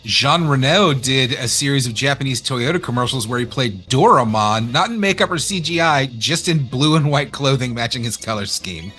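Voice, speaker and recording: A man with an East Texas twang hosts a relaxed game stream, reading viewer messages aloud and cracking jokes. His pitch swings widely as he talks. His tone is bright and forward. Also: moderate pace, hardly any pauses. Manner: animated, jokey, laughs often, reads chat aloud. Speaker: stream co-host reading chat. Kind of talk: casual game stream chat.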